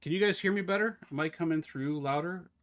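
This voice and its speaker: A man live-streaming a game, chatting casually with his viewers as he plays, talking fast and slurring his words together. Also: fairly high pitch, a bit bright. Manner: chatty, talks to chat while fiddling with settings. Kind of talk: casual live-stream chat while gaming.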